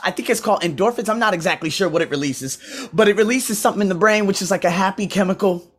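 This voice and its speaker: A man hosting his coaching podcast in a motivational preaching mode, swinging between loud declarations and low asides, recorded on a laptop at home while he paces. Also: quick pace. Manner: swearing, talking to himself by name. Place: indoors at home, pacing with a laptop. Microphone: laptop mic.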